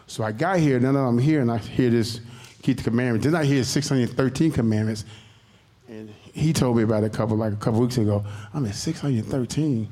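Guy at church rambling through his testimony, all fired up, mellow tone. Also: medium pitch, fairly quick. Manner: passionate, rambling storytelling. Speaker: congregant sharing testimony.

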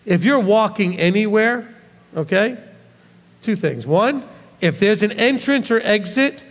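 Animated high-voiced man preaching. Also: measured pace, in a large hall. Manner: animated, scolding, rhetorical questions. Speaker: rabbi teacher. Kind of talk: sermon.

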